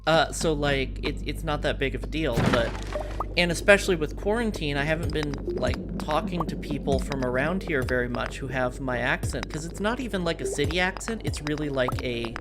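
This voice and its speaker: A woman's voice: deep voice, lively intonation, moderate pace, loud music behind the voice. A woman streamer with a working-class American city accent, chatting casually and rambling with lots of fillers while playing a game. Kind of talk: casual chat while gaming.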